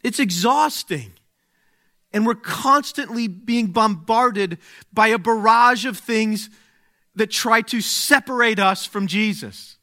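A man preaching a sermon, speaking slowly and deliberately, dropping to a hush and then rising to exclaim. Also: high voice. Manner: slow, deliberate, swings from hushed to exclaiming.

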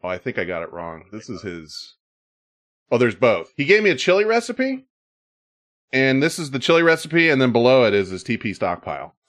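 A man's voice: mid-range voice, sing-song, brisk, fairly bright tone. A man hosting a casual podcast, joking with co-hosts and reading listener emails aloud. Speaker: podcast host.

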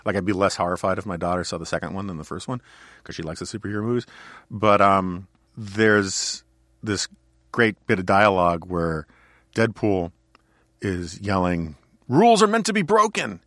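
A man's voice: low voice, fairly even intonation, normal speed, fairly bright tone, no echo, studio quality. A man hosting a podcast, talking casually and at length with frequent restarts and easy laughter. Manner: rambling, restarts often, laughs readily. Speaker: podcast host.

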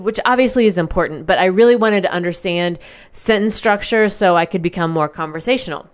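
Candid woman with a smooth voice. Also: lowish voice. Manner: candid, casual, with frequent fillers and swearing. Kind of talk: personal storytelling to listeners.

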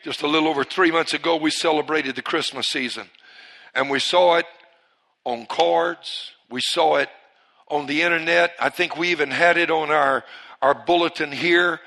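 High-voiced guy preaching in church, loud bursts then goes quiet, gets folks to say it with him. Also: fairly even intonation, moderate pace, creaky. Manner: dynamic, swings from loud bursts to hushed lines; leads the congregation in call-and-response. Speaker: pastor. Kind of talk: preaching a sermon. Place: church service.

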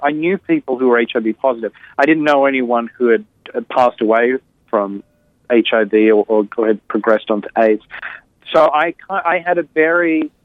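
A man tells his story as an interview guest, candid and reflective, often pausing and restarting. His voice sits at an ordinary middle pitch. The sound is narrow and tinny, like a phone line, with no room echo. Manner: reflective, with frequent fillers and restarts.

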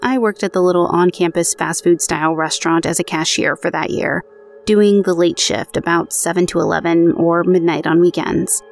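A woman with a fairly low voice hosts a spooky podcast, reading listeners' paranormal stories into a booth mic. She moves between steady reading and chatty, self-mocking asides. Soft music sits faintly underneath. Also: moderate pace, creaky. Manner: conversational, self-deprecating asides. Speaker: podcast host. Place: home recording booth.

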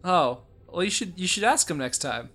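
Bright-voiced joking player. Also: male voice, high-pitched, expressive, normal speed, soft background music. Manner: rambling, joking. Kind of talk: casual tabletop role-play.

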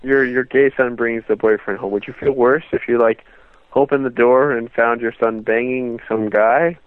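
A man's voice: medium pitch, fairly even intonation, normal speed, no room sound, phone-quality sound. A man co-hosting a casual comedic podcast chat, joking around and acting out imagined scenes. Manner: joking, acts out quoted voices, laughs often. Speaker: podcast co-host.

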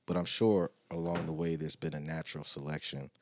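Podcast co-host, man, very low voice, dry close mic, easygoing delivery. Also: flat delivery, brisk, dry recording. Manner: reads definitions aloud, laid-back. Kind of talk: casual chat.

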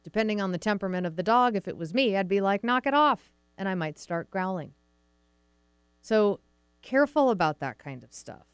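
Speaking fast with few pauses, a middle-aged dog trainer and podcast host with a Pacific Northwest American accent explains things in a chatty, casual way. She slips into acted-out voices of dogs and owners in her smooth, slightly low voice, recorded close and dry with no room sound.

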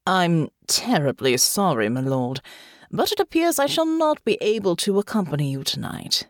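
A woman's voice: fairly low pitch, sing-song, moderate pace, dry recording, studio quality. A woman putting on a haughty scheming nobleman. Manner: haughty, sniffing. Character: pompous scheming nobleman cousin.

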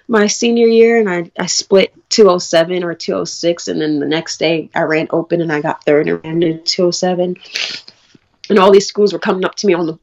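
Give me a young woman from New York, slightly low-voiced, recounting her story in an interview, with a dull, lo-fi sound. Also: a little mellow. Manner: candid, storytelling with quoted dialogue. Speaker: college track athlete.

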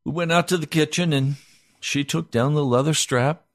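A pastor telling a personal story in an animated sermon. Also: male voice, fairly high pitch, normal speed, no room sound, clean studio sound.

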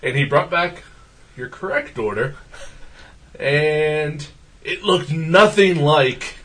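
A man hosting a podcast in casual chat, rambling and jokey, with a whiskey voice and loud laughs. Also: on the high side, takes it slowly, breathy edge. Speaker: podcast host.

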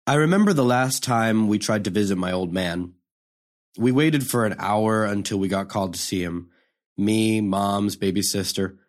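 A man's voice: fairly low pitch, close to an everyday voice. A man playing a bitter young prisoner. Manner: profane, confrontational street talk. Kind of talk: dramatic monologue.

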